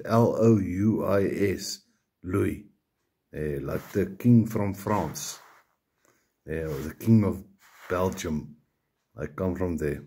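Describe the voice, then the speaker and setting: A South African man rambles through a casual video message at an unhurried pace. His voice is deep, dark and somewhat husky, and he tacks a tag onto nearly every sentence. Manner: rambling, repeats the tag "ne" often, swears casually. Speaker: video maker addressing a fellow YouTuber.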